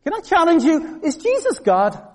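A man's voice: very high-pitched, normal speed, long reverb tail. A man preaching a sermon to a congregation, telling stories and acting out the voices of the people in them. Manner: animated storytelling, acting out voices.

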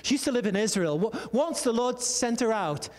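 A man's voice: very high-pitched, animated, moderate pace, a little mellow. A man preaching a sermon in a conversational, storytelling way, full of asides. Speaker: pastor. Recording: long hall reverb.

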